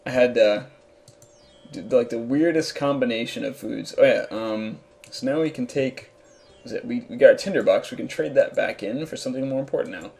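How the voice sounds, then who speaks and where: A man's voice: mid-range voice, brisk, creaky, a little mellow, breathy edge, soft background music. A young man hosting a let's play, giving rambling, casual commentary full of fillers. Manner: rambling, laughing, filler-heavy.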